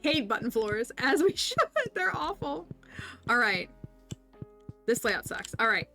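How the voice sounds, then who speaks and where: A woman with a slightly high voice chats her way through a gameplay livestream. She talks casually to her viewers, often breaking off to restart a thought or lay out how the game works, while soft game music plays underneath. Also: sing-song, normal speed, pauses often. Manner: chatty, self-interrupting, explains game mechanics. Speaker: streamer.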